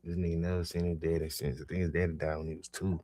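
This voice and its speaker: A young man telling a profane street story in casual talk, swinging between low mutters and loud animated bursts. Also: fast. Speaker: podcast storyteller.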